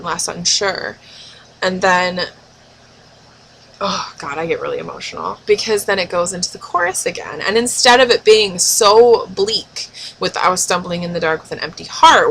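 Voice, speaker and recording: A woman's voice: medium pitch, pushed and bright, a little hiss or hum, poor audio. A young woman vlogger, emotional and gushing, swearing for emphasis as she breaks down song lyrics in casual talk.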